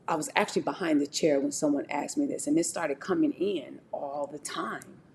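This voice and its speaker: On a live stream, a middle-aged woman delivers an animated, preachy motivational talk about faith, addressing her chat directly. Her voice is deep and creaky at a moderate pace, with slight hiss or hum.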